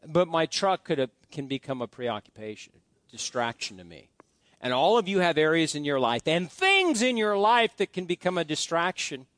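A middle-aged man delivers a sermon in a high, lively voice that leaps up and down. He tells homey stories with frequent restarts and asides. The sound is dry and close. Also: normal speed, dry recording. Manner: folksy storytelling with many restarts. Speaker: pastor.

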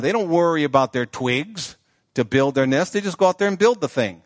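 A man's voice: a little high, expressive, fairly quick, dry recording, clean studio sound. A male pastor preaching a sermon in a conversational way, often checking in with the congregation. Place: church sanctuary.

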